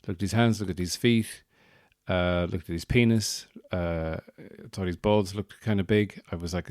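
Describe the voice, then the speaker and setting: A man's voice: low voice, fairly even intonation, moderate pace, darkish tone, dry recording, studio quality. An Irish man hosting a podcast, telling a rambling, wry comic story with self-mocking asides. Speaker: podcast host.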